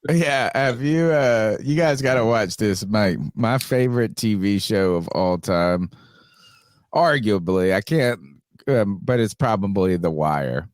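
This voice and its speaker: A male podcast host talks in a low, very animated voice, laid-back and storytelling. The sound is close and dry. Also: measured pace, no echo. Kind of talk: casual chat.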